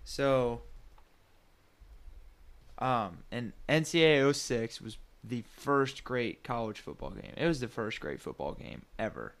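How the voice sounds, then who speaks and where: A man's voice: mid-range voice, big pitch swings, a little slow, creaky. A man in his twenties co-hosting a podcast, joking and self-deprecating in casual chat. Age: 20s. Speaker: podcast co-host.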